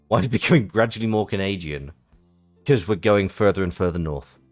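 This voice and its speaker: A man's voice: fairly low pitch, soft background music. Chatty man reading a game aloud. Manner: animated, chatty, quick asides. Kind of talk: casual game playthrough with narration.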